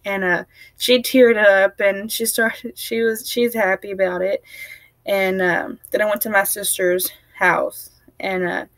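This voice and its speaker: Young woman, tired, chatty, rambling, laughing, casual vlog, mid pitch, dry. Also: steady tone, measured pace, a bit bright, dry recording. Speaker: family vlogger. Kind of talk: casual storytelling to camera.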